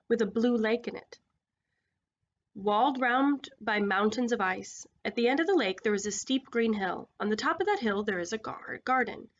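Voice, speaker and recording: Lady putting on a big grave lion king voice, slow and low, kinda muffled lo-fi sound. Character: great solemn male lion king, deep and commanding.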